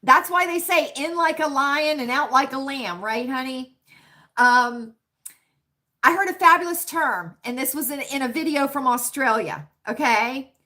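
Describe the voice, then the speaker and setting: A bright, tense-edged woman in middle age chats through her livestream. Her voice sits a bit higher than most. She calls her viewers friends and honey and keeps checking in with a quick "right?". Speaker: livestream host. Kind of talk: casual live chat with viewers.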